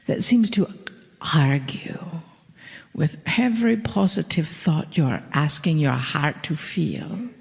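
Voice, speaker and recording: A woman delivering a channeled spiritual message to an audience, speaking slowly and gently, playful at times and often dropping to a whisper. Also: lowish voice, gravelly, long reverb tail.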